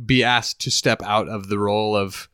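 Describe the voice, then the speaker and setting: Smooth-voiced man hedging in casual chat. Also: fairly low pitch, fairly even intonation, moderate pace, pushed and bright, dry recording, clean studio sound. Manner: hesitant, restarts while ranking shows. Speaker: podcast co-host.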